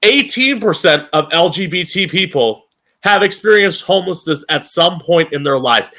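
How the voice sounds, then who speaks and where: A man's voice: high voice, lively intonation, moderate pace, bright, forceful tone. A young man hosting a live-streamed opinion show, ranting angrily with a lot of profanity and emphasis. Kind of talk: opinionated rant.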